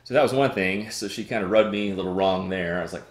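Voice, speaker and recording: A man hosting a casual chat show, telling a wry, animated story. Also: sits low, quick pace. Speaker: show host. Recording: roomy echo.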